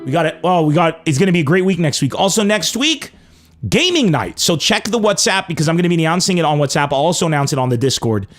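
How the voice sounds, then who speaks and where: A young man hosting a comedy podcast, telling stories in a loose, animated way and swearing freely. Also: fairly high pitch, fast talker, faint music behind. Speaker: podcast host. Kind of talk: casual comedic monologue.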